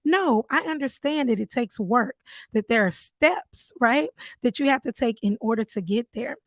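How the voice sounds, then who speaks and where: A woman's voice: on the high side, moderate pace, no echo. A woman, a mother, hosting a podcast and telling a personal faith story in an earnest, storytelling manner. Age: adult, mother of three. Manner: earnest, storytelling, with warm asides. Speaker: podcast host.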